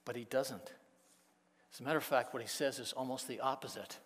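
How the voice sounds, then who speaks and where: A man preaching a sermon, with slow, deliberate phrasing that swings between hushed passages and emphatic peaks. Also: mid-range voice, steady tone, slightly rough, big-room sound. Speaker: pastor.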